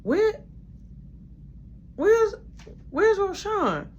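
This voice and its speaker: A woman putting on the voice of an eager young woman ready for drinks, loud and shrill. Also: sing-song, extremely slow, dull audio, slight background noise, heavily acted.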